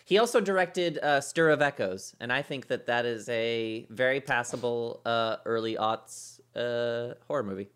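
Male podcast co-host, mid-pitched, halting, full of ums and uhs. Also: a bit bright, clean tone. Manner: hesitant, thinking aloud with many fillers. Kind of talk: casual chat.

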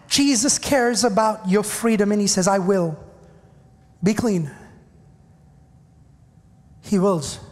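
A male pastor with a very high voice delivers an impassioned sermon, calling out to the congregation and circling back over his own phrases. His words ring out with a long reverb, as in a large church sanctuary. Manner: impassioned preaching, calls out to the congregation; repeats and restarts phrases.

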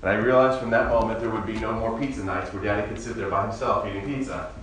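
Conversational pastor in a very echoey hall. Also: male voice, on the low side, steady tone, quick pace. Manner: conversational, storytelling with humor. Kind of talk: sermon. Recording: very echoey room, mic far off, faint ambience.

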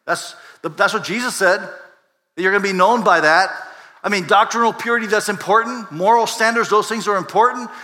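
A man preaches from the pulpit in an easy, conversational way, circling back over his words and throwing questions at the room. His voice is bright and forward, and it rings out with a long tail of reverb from a large sanctuary. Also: high-pitched, a little fast. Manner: conversational preaching with many restarts and rhetorical questions. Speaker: pastor. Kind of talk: sermon. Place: church sanctuary.

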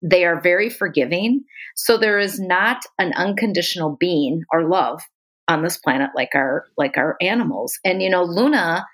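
Low-voiced woman podcast host. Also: normal speed. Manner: calm, affirming, reflective. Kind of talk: supportive interview talk.

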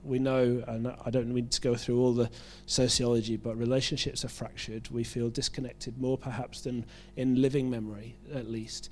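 A man from the UK with a British accent, preaching a sermon in a relaxed, conversational way, joking at his own expense and often restarting his phrases. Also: medium pitch, moderate pace, few pauses, a little hiss or hum. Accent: British English. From United Kingdom. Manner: conversational, self-deprecating, with frequent restarts.

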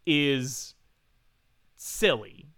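A man co-hosting a podcast, chatting casually about a movie, animated and laughing often. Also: mid-range voice, very slow, clear, resonant tone. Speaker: podcast co-host. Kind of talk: casual movie review chat.

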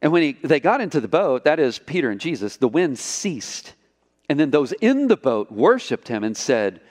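A man preaching a sermon as pastor, storytelling with lively delivery and acting out the quotes. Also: fairly high pitch, moderate pace, in a large hall. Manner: animated storytelling, acts out quotes.

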